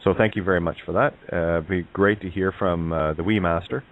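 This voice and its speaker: A man hosting an online group call, talking casually and haltingly with many fillers and restarts. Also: low voice, steady tone. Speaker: host of an online call-in forum. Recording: tinny phone-like call audio.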